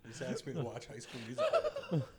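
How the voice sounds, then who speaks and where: A young adult man telling a story as a guest in a casual podcast chat. He is profane and mocking, swinging between mutters and loud bursts. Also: medium pitch, huge pitch swings, a little fast, a crowd in the background. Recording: loud background noise.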